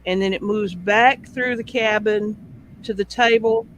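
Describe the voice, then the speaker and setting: A man host telling a casual anecdote, animated and full of vivid sound effects. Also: high voice, unhurried, a little hiss or hum, low-quality recording.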